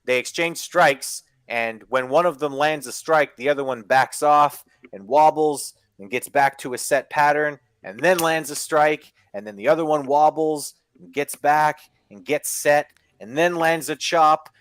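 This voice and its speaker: A man co-hosting a podcast, giving an excitable, profane play-by-play recap of wrestling matches in casual chat. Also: a little high, measured pace, few pauses, smooth, no room sound.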